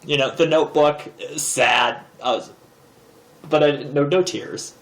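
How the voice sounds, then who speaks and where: A man's voice: fairly high pitch, fairly even intonation, measured pace, a bit bright. A man in his thirties talking to camera in a casual, rambling, self-deprecating comic monologue. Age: 30s. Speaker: vlogger host. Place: indoor room, seated in a chair. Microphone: camera propped in a desk drawer.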